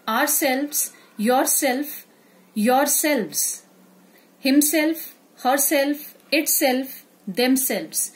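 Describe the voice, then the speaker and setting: A woman teaching a grammar lesson, explaining step by step and repeating examples. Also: high-pitched.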